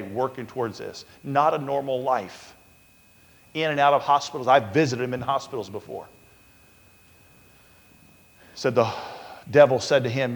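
A male pastor preaching a sermon, telling a story with sudden swings from loud urgency to a hushed, quiet voice. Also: medium pitch, long reverb tail.

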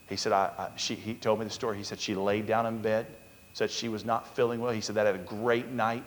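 A male pastor preaching a sermon, telling a story with sudden swings from loud urgency to a hushed, quiet voice. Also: fairly low pitch, little pitch movement, fast, in a large hall, a little hiss or hum.

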